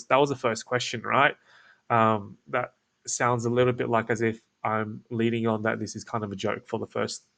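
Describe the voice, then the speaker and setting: A man with an Australian accent explaining a cold call script in a casual teaching talk, his voice creaky and croaky, kept laid-back and toned down. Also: a bit bright. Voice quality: creaky, croaky low delivery. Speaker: agency owner teaching cold calling. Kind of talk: casual instructional talk with demo lines.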